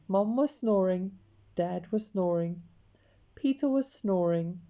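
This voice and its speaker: A woman reading a picture book aloud, expressive and talking to the listener. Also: medium pitch, highs cut off. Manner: slow, expressive, talks to the listener. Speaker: storyteller.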